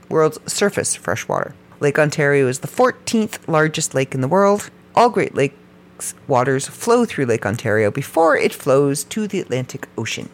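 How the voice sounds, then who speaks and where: A podcast host who reads out facts and keeps breaking off into playful, joking asides. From Canada. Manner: animated, with sudden jumps up and down in pitch. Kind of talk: podcast narration read from notes.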